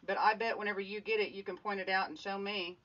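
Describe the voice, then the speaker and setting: A woman's voice: mid-range voice, steady tone, fast talker, a bit bright. A woman hosting a casual livestream, chatting upbeat with viewers and greeting them by name while she works on crafts at home. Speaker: livestream host making craft art. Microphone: phone streaming live. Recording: slightly dull audio with faint music.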